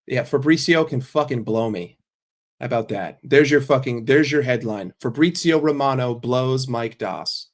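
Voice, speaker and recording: At normal speed and medium pitch, a man runs a casual football livestream, reading out the chat. His answers are blunt, sarcastic and loaded with profanity.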